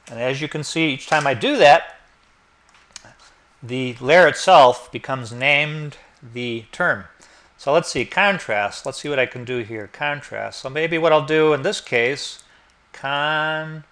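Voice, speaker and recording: A man giving a screen-recorded software tutorial, explaining step by step in a relaxed way and thinking aloud. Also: medium pitch, a little slow. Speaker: instructor.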